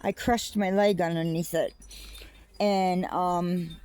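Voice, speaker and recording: A woman with a fairly low voice rambles through a personal vlog, pausing often with fillers and restarting her sentences. She talks outdoors on her rural property while wind chimes ring behind her. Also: fairly even intonation, darkish tone, smooth. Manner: rambling, halting, with many fillers. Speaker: vlogger.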